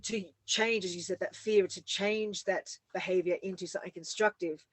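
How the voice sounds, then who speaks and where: A woman's voice: medium pitch, fairly even intonation, moderate pace, dry recording. A woman who teaches fitness classes, hosting a casual chat and affirming what her guest says in a reflective way. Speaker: fitness instructor and host.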